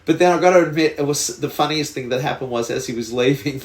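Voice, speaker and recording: A man's voice: on the high side, fast, roomy sound. An Australian man co-hosting a podcast, telling a story in a rambling way with lots of restarts and fillers. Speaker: podcast co-host. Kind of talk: casual chat.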